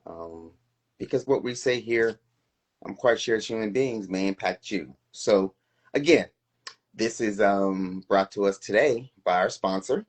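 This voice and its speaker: A middle-aged man co-hosting a casual live-stream chat, talking in a reflective, earnest way. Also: deep voice. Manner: reflective, earnest, self-questioning. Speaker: co-host.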